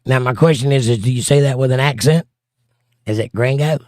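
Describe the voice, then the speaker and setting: A man's voice: mid-range voice, fairly quick, a little mellow, no echo, clean studio sound. A man hosting a casual livestream, reading viewer comments aloud and answering them with wry, joking asides. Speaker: livestream host reading chat.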